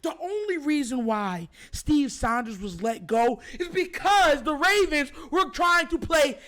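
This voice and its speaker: A man hosting a sports talk show, ranting heatedly and shouting his points over and over. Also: very high-pitched, expressive, measured pace. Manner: fired-up, shouting, repetitive emphatic. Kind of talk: heated sports commentary rant.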